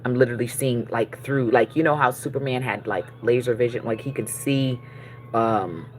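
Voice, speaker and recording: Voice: mid-range voice, normal speed, a little hiss or hum. Chatty, encouraging tarot reader voice. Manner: encouraging, checks in with listeners with frequent "okay?" and "all right?"; loose and chatty, with fillers and self-corrections. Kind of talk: casual spiritual card reading.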